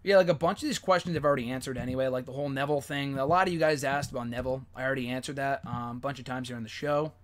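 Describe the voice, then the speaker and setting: A young man hosting a live stream, chatting casually and rambling, with plenty of fillers and excited swearing. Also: medium pitch, racing, hardly any pauses. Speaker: host.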